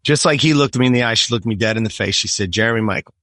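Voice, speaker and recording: A man's voice: lowish voice, racing, bright, forceful tone, dry recording, studio quality. A man in his fifties from California, telling a personal story as a podcast guest in an emphatic, profane way and often checking in with "right?". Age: 50s.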